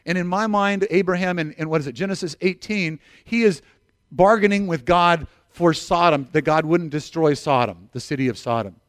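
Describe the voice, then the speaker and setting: In a clean, dry studio recording, a middle-aged man with a slightly high voice preaches as a pastor at a normal speed. He tells his stories with animation, performs the quoted lines, and frequently restarts and repeats himself.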